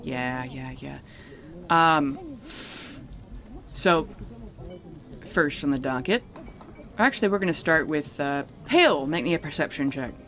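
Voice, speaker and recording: A man's voice: fairly high pitch, animated, a little slow, pauses often, pushed and bright. A man narrating a tabletop game as game master, casual and rambling, swearing freely.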